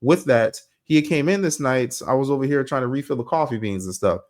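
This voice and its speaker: A young man hosting a podcast, talking casually and telling stories in a slangy, animated way. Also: medium pitch, a little fast. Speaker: podcast host. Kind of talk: casual monologue.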